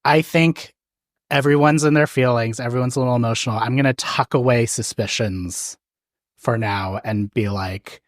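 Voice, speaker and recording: A man's voice: medium pitch, moderate pace, no room sound, studio quality. Wry, thoughtful man on a podcast. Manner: thoughtful, wry, gives opinions. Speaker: podcast guest. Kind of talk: casual chat.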